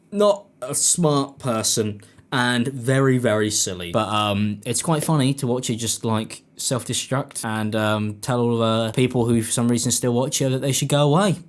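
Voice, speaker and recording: A British man giving sarcastic, dry commentary on online clips. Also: mid-range voice. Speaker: YouTube commentator.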